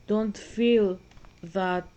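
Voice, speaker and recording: Woman streamer, earnest and preachy, mid-pitched, flat delivery. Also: drawn-out words, poor audio. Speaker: gaming streamer. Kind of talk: casual talk while playing a video game.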